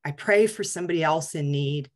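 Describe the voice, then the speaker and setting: A woman's voice: low-pitched, fairly quick. A middle-aged woman giving a candid, casual talk to a support group, self-deprecating and full of ums. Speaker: guest speaker.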